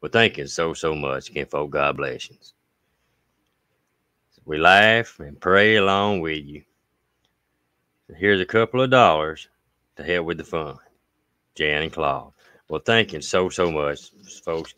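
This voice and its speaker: A low-voiced man with an Appalachian accent and a smooth, resonant sound reads viewer letters on a casual livestream. His tone is bright and forceful, and his manner is folksy, with thanks drawn out at length. The recording is close and dry. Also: slow pace, long pauses, dry recording. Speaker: host reading viewer mail.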